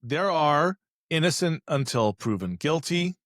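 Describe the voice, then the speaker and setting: A man chatting on a business podcast as an e-commerce expert, telling animated stories and acting out voices with joking asides. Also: on the high side, a little slow, dry recording, clean studio sound. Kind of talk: casual podcast conversation.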